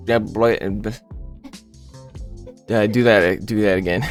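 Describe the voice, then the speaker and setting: A man's voice: fairly low pitch, expressive, takes it slowly, pauses often, faint music behind. A man giving casual gameplay commentary as a YouTuber, rambling and joking with lots of filler words. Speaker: gaming YouTuber.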